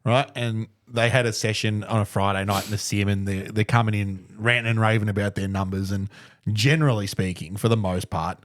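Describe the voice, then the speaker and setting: A man with a fairly low voice co-hosts a casual podcast. He talks bluntly and swears a lot in easy, jokey banter. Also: steady tone, fairly quick. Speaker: podcast co-host. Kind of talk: casual chat.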